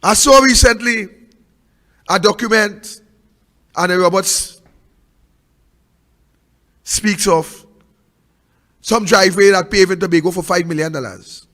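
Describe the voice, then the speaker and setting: A man with a Trinidadian accent hosting a political talk show, preaching impassioned commentary with repeated rhetorical questions, swinging from loud to hushed. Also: sits high, slow, long pauses, long reverb tail.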